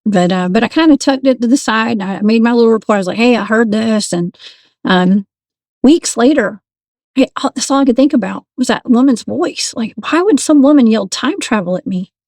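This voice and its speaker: A woman's voice: fairly high pitch, fairly quick, dry recording, studio quality. Chatty woman. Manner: animated, laughs often, restarts sentences. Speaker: guest paranormal investigator. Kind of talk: casual storytelling.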